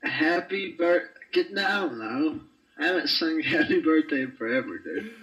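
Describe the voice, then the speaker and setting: Slightly high man, awkward joking. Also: lively intonation, moderate pace, a bit bright, dull audio. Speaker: vlogger sending a birthday message. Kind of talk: awkward joking webcam message.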